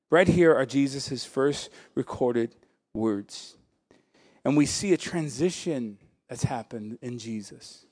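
A man preaching a sermon as pastor, animated and joking, breaking into laughter and acting out voices. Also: mid-range voice, slow pace.

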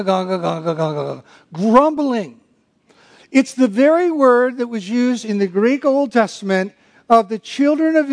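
High-voiced emphatic male preacher. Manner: emphatic, slows down to stress key phrases; mimics grumbling with muttered nonsense sounds. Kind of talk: sermon.

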